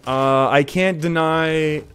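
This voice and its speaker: A man's voice: on the high side, fairly even intonation, slow, a bit bright, soft background music. A young Canadian man with an English Canadian accent, casually commentating a card game and reading viewer comments, laughing often. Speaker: streamer.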